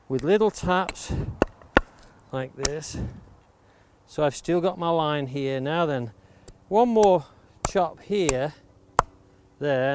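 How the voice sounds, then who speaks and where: A man's voice: fairly high pitch, noisy background. A man teaching woodworking outdoors by the coast, explaining each step patiently as he carves with an axe and stressing safety. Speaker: woodworking instructor. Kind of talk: hands-on demonstration. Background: axe chopping clicks.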